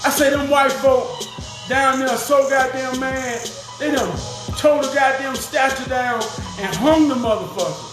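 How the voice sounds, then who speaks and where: A man's voice: extremely high pitch, a little slow, echoey room, over music. A man giving a fiery, profane, preaching rant to the camera.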